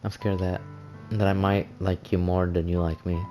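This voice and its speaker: A man reading lines for an anxious, gentle teenage girl in a visual novel game, in a soft, hesitant way. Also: low-pitched, flat delivery, normal speed, faint music behind, natural voice. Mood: scared.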